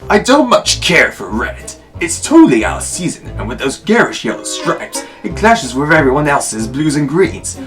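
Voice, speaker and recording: A man's voice: fairly high pitch, very animated, normal speed, few pauses, fairly bright tone, voice pushed up. A man putting on a sassy, flamboyant fashion-critic voice that is campy and scolding. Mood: catty. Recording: background music under the voice.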